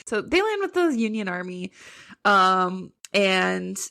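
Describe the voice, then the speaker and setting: A woman's voice: medium pitch, big pitch swings, slow pace, vocal fry, sharp tone, clear, resonant tone. A young woman co-hosting a podcast, giving a chatty, casual book recap with lots of "like" and frequent laughs. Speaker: podcast co-host.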